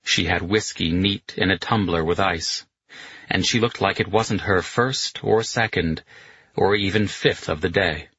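Male audiobook narrator, steady and measured, deep and husky. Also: no room sound, highs cut off.

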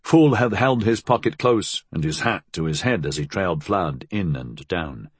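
A man narrating a story as an audiobook reader with a measured, expressive delivery. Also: low-pitched, slightly rough, no echo. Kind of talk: scripted narration.

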